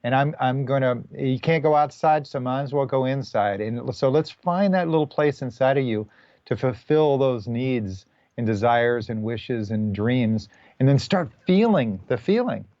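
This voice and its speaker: A man's voice: mid-range voice, moderate pace, no echo. Male guest teacher, loose and encouraging, muffled dry call audio. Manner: relaxed, rambling, encouraging. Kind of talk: casual spiritual talk.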